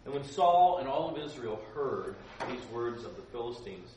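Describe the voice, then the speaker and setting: Here a man's mellow, medium-pitched voice carries lively intonation at a moderate pace. He playfully teaches a youth group about the Bible, with joking asides and questions to his listeners. The sound is roomy, from a distant mic in a gym-like hall, with faint noise.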